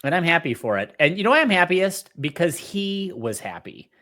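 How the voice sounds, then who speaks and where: A man's voice: on the high side, sing-song, moderate pace, bright, forceful tone. A man co-hosting a casual sports podcast, teasing his friends in a playful way. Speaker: podcast co-host.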